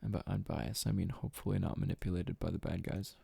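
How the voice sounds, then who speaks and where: A man's voice: low-pitched, steady tone, fast talker, vocal fry, dark tone, slightly rough, no echo. A young man hosting a solo podcast, rambling casually, swearing often and laughing at his own jokes. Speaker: podcast host.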